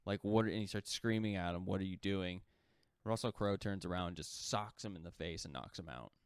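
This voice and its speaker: A man's voice: sits low, darkish tone, clear, resonant tone, dry recording. A man co-hosting a podcast, telling a story in a casual rambling way, full of "like" fillers and the odd swear word, acting out the quoted lines. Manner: rambling, heavy use of "like" fillers. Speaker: podcast co-host.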